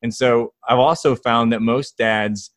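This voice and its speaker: A man in his thirties, a guest in an interview, telling lively stories about his kids and acting out their quotes. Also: medium pitch, unhurried, no room sound. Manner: enthusiastic storyteller, acts out quotes. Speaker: guest, fatherhood author and founder. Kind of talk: conversational interview storytelling.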